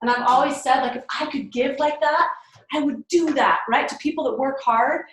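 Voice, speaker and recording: A woman's voice: high-pitched, normal speed, a bit bright, roomy sound, low-quality recording. A woman giving a team mindset training talk, enthusiastic and chatty, laughing often.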